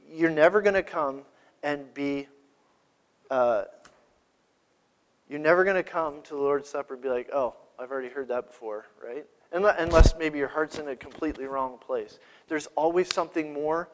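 A man preaching a sermon, asking rhetorical questions and building to emphatic peaks. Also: on the high side. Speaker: pastor.

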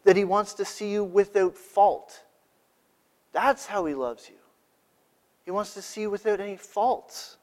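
A man's voice: high-pitched, a little slow, pauses often. A man preaching a sermon, asking rhetorical questions and building to emphatic peaks. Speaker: pastor.

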